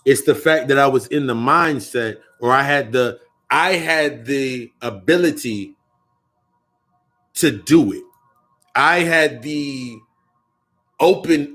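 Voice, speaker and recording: Profane rambling man, slightly high voice. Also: a bit bright. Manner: profane, rambling, repeats and restarts phrases. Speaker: occult vlogger. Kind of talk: casual spiritual monologue.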